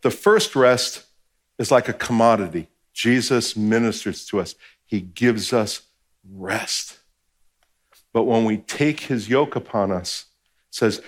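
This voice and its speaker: Man, pastor, sermon, conversational, mid-pitched, acts out quotes, hushed to emphatic. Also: expressive, a little slow. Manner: swings from hushed and low to raised and emphatic.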